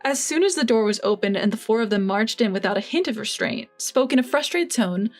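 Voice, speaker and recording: A woman narrating a first-person family story in an even, measured way. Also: on the high side, faint music behind.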